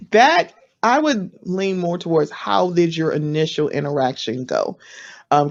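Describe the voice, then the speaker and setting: Woman, panelist, casual advice, chatty, playful quoted voices, lowish voice, dull lo-fi audio. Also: darkish tone. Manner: chatty, acts out quoted voices with big pitch jumps.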